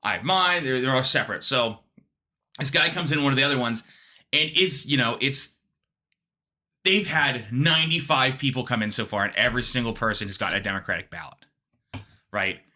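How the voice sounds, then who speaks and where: A man, a comedian guest on a podcast, telling a story in an animated, restless way with quick restarts. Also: medium pitch.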